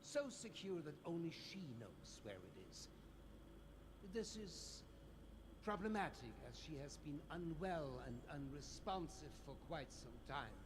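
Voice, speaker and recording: An actor with a German accent playing a formal, wordy gentleman and husband who was once blind, in a video game. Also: fairly high pitch, sing-song, a little slow, background noise. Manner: courtly, theatrical, wordy.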